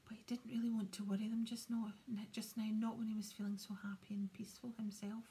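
A woman reading a fantasy novel aloud in a steady, hushed whisper. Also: mid-range voice, fast talker, slight background noise. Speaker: audiobook reader. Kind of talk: whispered audiobook narration.

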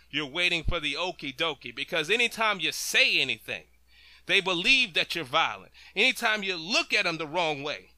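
Impassioned high-voiced male commentator. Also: bright, forceful tone, dry recording. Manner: impassioned, repetitive, emphatic. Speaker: talk show host. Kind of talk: political commentary monologue.

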